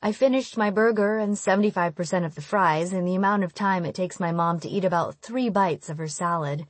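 Low-voiced woman narrating an audiobook. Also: brisk, no room sound. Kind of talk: first-person scripted narration.

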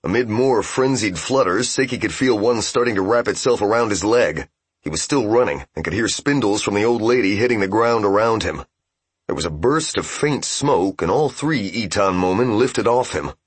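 A man narrating a fantasy game novel as an audiobook, in steady, even storytelling. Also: fairly low pitch, normal speed, husky, no room sound.

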